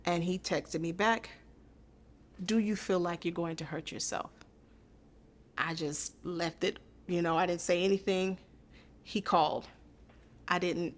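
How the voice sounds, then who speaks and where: A woman with a lowish voice appears as a podcast guest and tells a hard personal story. She's earnest and intimate, often repeating her phrases.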